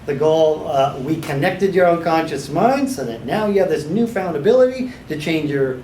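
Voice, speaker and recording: A man's voice: on the high side, expressive, darkish tone. Give me a male hypnotherapy trainer explaining techniques to a class, with a faint hum behind. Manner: demonstrates guided imagery, drops to a slow authoritative voice. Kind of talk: teaching a small class. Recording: echoey room.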